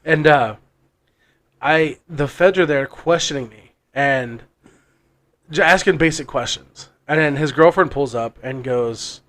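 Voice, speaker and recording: A podcast co-host with a somewhat high, slightly bright male voice talks at normal speed, casually telling a long story in a rambling, profane way, with frequent restarts and laughter.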